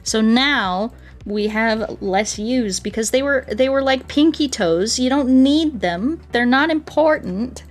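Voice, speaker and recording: A woman's voice: fairly high pitch, slow. A woman from the United States with an American accent, chatting casually and playfully while streaming a game. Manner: chatty, playful, laughs often, talks to chat and animals. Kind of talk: casual gaming chat. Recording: faint music behind.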